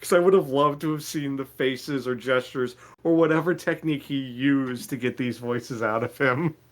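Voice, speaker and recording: A man's voice: medium pitch, normal speed. Rambling man chatting on a podcast. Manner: rambling, with many fillers and restarts. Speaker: podcast co-host. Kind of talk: casual podcast chat about a novel.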